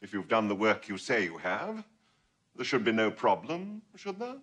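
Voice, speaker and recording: A man's voice: on the low side, huge pitch swings, normal speed, a bit bright, husky, heavily acted. An actor playing a stuffy, vindictive male professor in a film comedy, speaking in a prim, clipped way.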